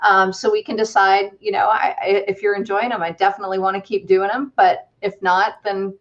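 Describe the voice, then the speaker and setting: A chatty woman hosts a casual livestream, upbeat and thinking aloud as she goes. Her voice sits at a middling pitch. The audio comes through a slightly dull, lo-fi video call. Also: level tone, brisk, a bit bright. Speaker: host.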